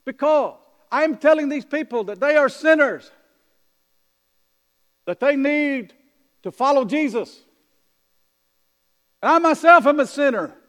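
An overwrought grown Russian man, as a preacher puts him on, high-pitched and loud, pressing every word. His voice rings on in the long reverb of a big hall. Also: animated, a little slow, pauses often, heavily acted. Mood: distressed.

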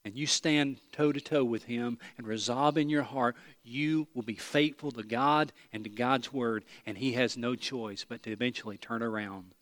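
A pastor, from East Tennessee, preaching a sermon with animated storytelling, self-deprecating humor and emphatic repetition. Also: male voice, medium pitch, normal speed, hardly any pauses, no room sound.

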